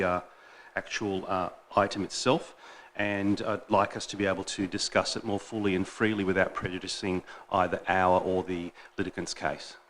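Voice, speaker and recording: A man, a councillor, moving a motion in a council chamber, hesitant with frequent pauses to find his words. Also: on the low side, a bit bright, a little hiss or hum. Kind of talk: formal motion in a council meeting.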